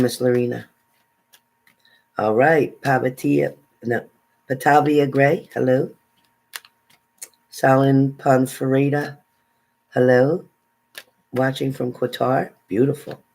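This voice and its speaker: A woman's voice: very deep voice, creaky, darkish tone, low-quality recording. A woman tarot reader chatting casually on a live stream, reading out viewers' names and sometimes stumbling over them.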